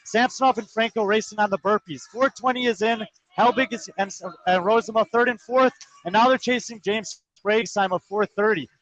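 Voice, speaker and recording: Guy with a pretty high voice doing live play-by-play, rattling off times and standings. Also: fairly even intonation, a bit bright, no echo, dull audio. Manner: rapid, precise, number-heavy calling. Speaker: sports commentator.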